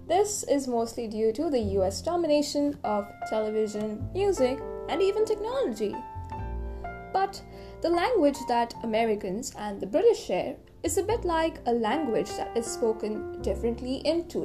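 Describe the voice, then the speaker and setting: A young woman hosting an educational podcast, reading a script in a playful, chatty way with jokey asides. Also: high voice. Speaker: podcast host explaining English dialects.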